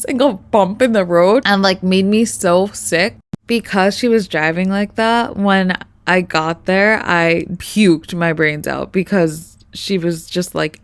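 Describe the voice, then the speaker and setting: A young adult woman speaking at a mid-range pitch, telling a personal story straight to camera. Her talk is candid and slangy, with frequent swearing and loose, rambling fillers. She sounds like a casual storytime vlogger. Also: darkish tone, clean tone.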